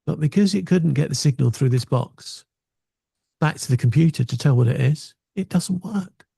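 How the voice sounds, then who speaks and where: A man talks through a technical point in a relaxed, self-mocking way. His voice is gravelly with plenty of fry, sitting a little high. The sound is dry and close. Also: normal speed, no echo. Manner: relaxed, self-mocking, explains with acted examples. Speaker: guest explaining video gear. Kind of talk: casual explanatory chat.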